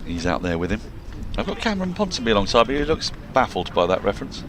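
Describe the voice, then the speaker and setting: Deep-voiced, lively male cricket commentator. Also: fast. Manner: playful, jokey, animated delivery. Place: outdoors at a cricket ground. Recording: open-air ground noise under the voice.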